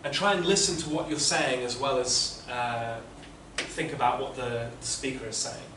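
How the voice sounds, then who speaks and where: A man's voice: medium pitch, moderate pace, distant mic, background noise. Man giving echoey classroom feedback. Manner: patient, explanatory, many restarts. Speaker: interpreting teacher giving feedback.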